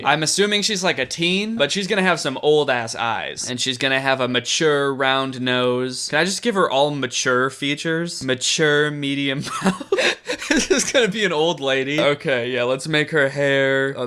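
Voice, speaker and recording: A man's voice: medium pitch, fairly bright tone, clean tone. A man, a YouTuber, giving rambling, sarcastic comedic commentary on a game and laughing often.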